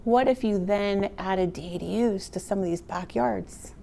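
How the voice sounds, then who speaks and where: A woman's voice: mid-range voice, moderate pace, creaky, a little hiss or hum. Chatty woman giving a real estate talk. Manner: conversational, animated, addresses the audience directly. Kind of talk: motivational talk to an audience. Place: meeting room with a live audience.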